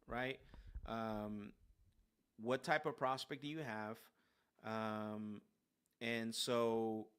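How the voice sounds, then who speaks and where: Rambling male sales coach at a mid-range pitch, casual and filler-heavy, restarts a lot. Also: fairly bright tone. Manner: rambling, filler-heavy, keeps asking "right?"; restarts sentences often. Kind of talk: casual live coaching talk.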